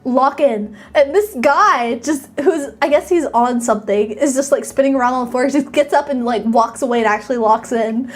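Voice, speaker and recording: A woman with a high, light voice chats playfully with her live audience. She rambles in a bubbly way, thanks viewers by name and hypes them up. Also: a little fast, few pauses. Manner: bubbly, playful, reads and thanks chat, sometimes squeals. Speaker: streamer. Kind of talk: casual live-stream chat.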